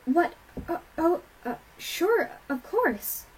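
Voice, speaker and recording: A woman's voice: fairly high pitch, brisk, slightly rough, rough recording. A woman voicing an anxious, bookish young female unicorn pony who stammers earnestly, in a homemade storybook reading. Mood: shocked.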